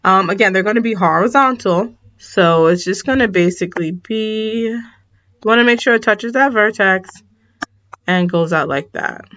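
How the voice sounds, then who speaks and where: A woman's voice: mid-range voice, normal speed, fairly bright tone, dull audio. A woman math teacher talking through a recorded lesson in a casual way, tired and yawning, often correcting herself and saying sorry. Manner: casual, self-correcting, apologetic asides.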